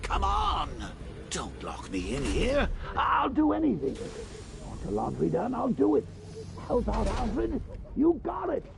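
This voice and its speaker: An actor playing a manic, taunting clown villain in a video game, with a theatrical, wildly swooping voice. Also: male voice, very high voice, huge pitch swings, unhurried, creaky, noisy background, exaggerated voice. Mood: pleading mockingly.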